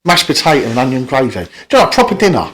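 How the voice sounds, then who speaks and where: A man's voice: medium pitch, huge pitch swings, quick pace, a bit bright. A middle-aged man telling rambling, sweary stories in a casual podcast chat, full of restarts.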